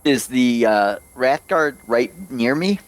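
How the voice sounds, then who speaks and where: Brief: male player, mid-pitched, steady and reasoned. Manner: measured explaining. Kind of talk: tabletop game play.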